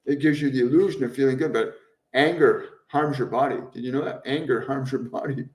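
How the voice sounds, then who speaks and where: A man hosting a live stream as a spiritual medium, answering viewers' questions in a gentle, earnest way and repeating phrases over and over for emphasis. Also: mid-range voice, a little fast, far from the mic. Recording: roomy echo, voice somewhat off-mic.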